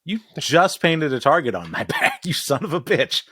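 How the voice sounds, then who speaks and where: A man's voice: on the high side, wildly swooping pitch, normal speed, fairly bright tone, husky, no echo, pitched above the performer's own voice, full character voice. A man putting on the voice of an angry woman scolding a prince, in an exaggerated, swearing mock impression. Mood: outraged.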